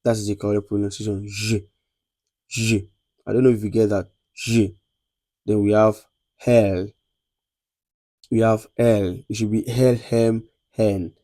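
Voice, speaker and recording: A Nigerian lecturer teaches beginners about French letters at a slow, measured pace, repeating each sound and checking that students follow. His low, mellow voice has a flat delivery in a dry recording with no room sound.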